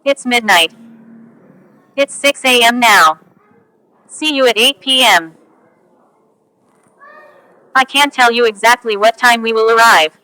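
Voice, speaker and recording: Woman reading english phrases for learners, slow and careful, dry close sound. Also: fairly high pitch, lively intonation, pushed and bright, dry recording, rough recording. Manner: slow, careful, each phrase spoken on its own. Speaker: English teacher.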